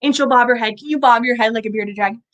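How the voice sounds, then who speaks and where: A woman's voice: fairly high pitch, fast, a bit bright, poor audio. A woman teaching children about animals in a bubbly, sing-song way, often asking them questions. She is indoors at an animal center. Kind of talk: kids' lesson.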